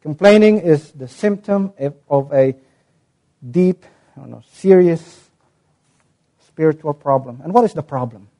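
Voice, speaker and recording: A man preaching a sermon as pastor, teaching with emphasis, stressing key words and slowing down to read verses aloud. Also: fairly high pitch, dark tone. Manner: spells out words and gives examples.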